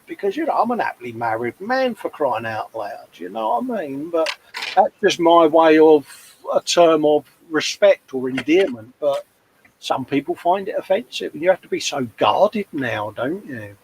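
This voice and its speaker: A man's voice: a little high, expressive, moderate pace, slight background noise, low-quality recording. A man in his fifties with an East London accent, chatting casually on a hobby livestream and telling rambling anecdotes. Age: 50s. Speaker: co-host of a model-building livestream. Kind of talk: casual chat.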